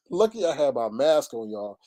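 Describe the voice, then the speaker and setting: Male streamer, casual chat, lively storytelling voice that jumps up high on punchlines, mid-range pitch. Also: slow. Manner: animated storytelling with big pitch swings and exclamations. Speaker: livestream host. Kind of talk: casual venting livestream chat. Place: at home by a computer, streaming live.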